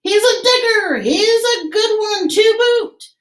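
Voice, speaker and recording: A woman voicing a loud, gruff male pirate captain in a read-aloud storybook. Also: slow pace, echoey room. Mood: bellowing. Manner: bellowing, booming.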